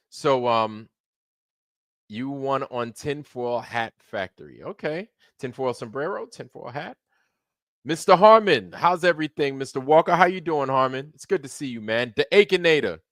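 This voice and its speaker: A man hosting a livestream in loose, slangy casual chat, shouting out viewers by name. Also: mid-range voice, clear, resonant tone, no echo, clean studio sound. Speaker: livestream host.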